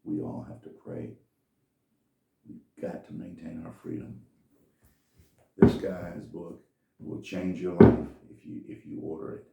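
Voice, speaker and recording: A man's voice: low-pitched, sing-song, a little slow, gravelly, pauses often, warm tone, roomy sound, distant mic. A man telling a folksy, rambling story in a casual monologue.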